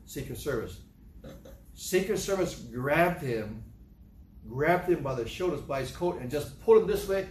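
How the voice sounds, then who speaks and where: A male pastor preaching a sermon in a church hall, animated and emphatic, repeating his points and acting out quotes. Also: a little high, normal speed. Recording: echoey room with faint noise.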